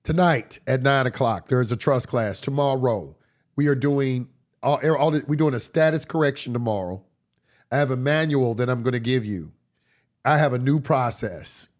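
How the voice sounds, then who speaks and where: A man giving a casual livestream lecture as a course instructor, blunt and profane, his voice hoarse from a cold. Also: mid-range voice, normal speed.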